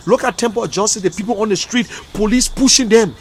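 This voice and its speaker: A Liberian man delivering an emotional, repetitive political rant as a commentator, swinging between loud outbursts and quiet, subdued stretches. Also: high voice, quick pace, few pauses, a little hiss or hum. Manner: emotional, repetitive, rising and falling intensity. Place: in America.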